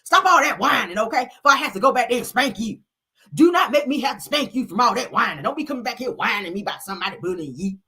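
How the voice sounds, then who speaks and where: A lady putting on a high loud country auntie, gushing and bossy, husky edge. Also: lively intonation, exaggerated voice. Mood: scolding. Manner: drawn-out gushing, scolding.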